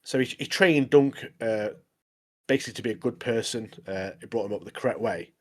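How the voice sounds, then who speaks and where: A man's voice: lowish voice, brisk. A man co-hosting a podcast, joking casually, saying "mate" a lot and laughing often. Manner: jokey, says "mate" constantly, laughs a lot. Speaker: podcast co-host. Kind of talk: casual chat.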